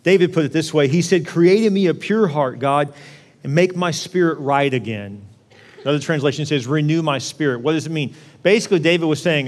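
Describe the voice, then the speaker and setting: A male pastor preaching a conversational sermon, often acting out prayers in a lively voice. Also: a little high, fairly quick. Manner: conversational, acts out prayers in an animated voice. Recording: long reverb of a large hall.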